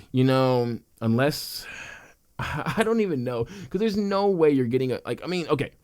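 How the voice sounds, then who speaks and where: A man's voice: lowish voice, darkish tone. A young man hosting a wrestling podcast, ranting passionately in a casual, worked-up way and repeating himself for emphasis. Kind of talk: casual opinion rant.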